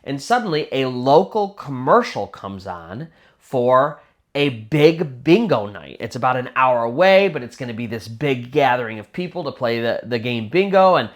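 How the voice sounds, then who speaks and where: A man's voice: mid-range voice, sing-song, normal speed. A man telling a spooky true story in a casual, conversational way, full of little fillers. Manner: conversational, many fillers like "kind of" and "sort of".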